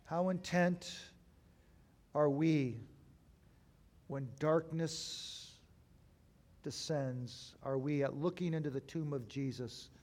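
A man preaching an Easter sermon as a pastor, moving between raised, emphatic phrases and hushed, slow ones with deliberate pauses. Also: on the high side. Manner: dramatic swings between loud and hushed.

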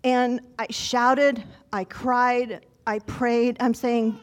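A woman's voice: on the high side, level tone, very slow, few pauses. A woman telling a personal story to an audience in an earnest, reflective, conversational way.

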